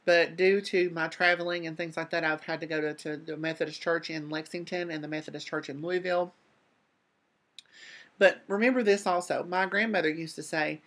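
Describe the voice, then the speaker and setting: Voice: mid-range voice, fairly even intonation, fairly quick, fairly bright tone. A vlog host earnestly comforting a viewer and sounding close to tears, often repeating phrases. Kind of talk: heartfelt advice to a viewer.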